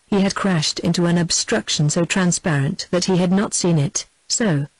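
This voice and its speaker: An audiobook narrator reading a historical novel in a steady, measured way. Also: mid-range voice, dry recording, poor audio.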